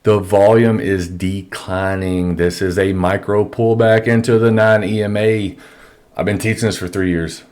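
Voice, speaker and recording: A man with a low voice lectures on trading in a blunt, exasperated way, swearing freely. He speaks into a microphone from his office. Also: fairly even intonation, unhurried, a little mellow. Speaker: trading educator. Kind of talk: screen-share trading lesson.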